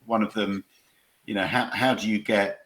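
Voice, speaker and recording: A man with a very deep voice answers interview questions over a video call. He speaks haltingly, restarting sentences and doubling up words. He talks as a crime author who once served as a police officer. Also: fairly even intonation, a bit bright.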